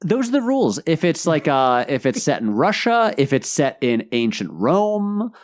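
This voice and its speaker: Male podcast guest, lively swooping delivery, casual and chatty over a video call. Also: on the high side, normal speed. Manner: animated, lively storytelling. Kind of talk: casual chat.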